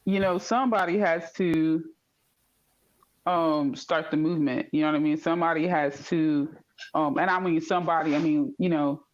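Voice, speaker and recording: A woman's voice: low voice, fairly even intonation, moderate pace, dull audio. An American woman chatting in an online panel, talkative and teasing, with many fillers. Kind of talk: casual online group chat.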